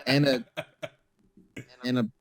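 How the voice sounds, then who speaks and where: A man in the middle pitch range co-hosts a casual podcast over a video call. He banters with friends and answers their teasing with deadpan denials. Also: slow, crowd noise. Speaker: podcast co-host. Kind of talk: casual chat.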